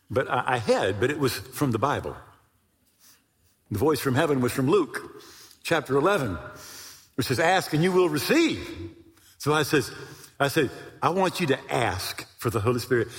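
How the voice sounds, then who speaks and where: An older man delivers a sermon, telling a story with lively swings of pitch and sudden shouted peaks. His voice is a little husky and sits on the high side for a man. A long hall reverb trails each phrase. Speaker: pastor.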